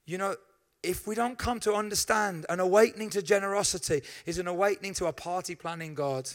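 A man preaching a sermon as pastor, telling lively stories with asides to the congregation. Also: high-pitched, fairly quick.

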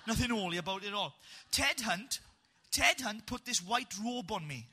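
Lively Welsh man preaching his story. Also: sits high, moderate pace, slightly rough. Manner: animated storyteller, punchy and humorous. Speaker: preacher telling his testimony. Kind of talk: testimony to a live audience.

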